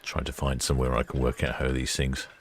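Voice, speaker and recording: A man's voice: a bass voice, monotone, brisk, slight background noise. A man hosting a live stream, chatting casually, musing aloud and wryly reading out viewer comments.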